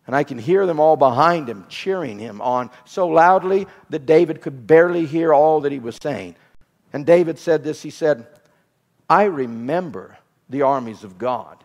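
A man's voice: fairly high pitch, animated, measured pace, a little mellow. A man preaching a sermon with an emphatic, repetitive cadence. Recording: reverberant hall.

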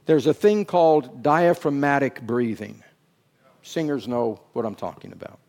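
A middle-aged man preaching a sermon, dropping to hushed, drawn-out phrases and then climbing into loud, emphatic bursts. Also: mid-range voice. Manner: slow, drawn-out words for emphasis.

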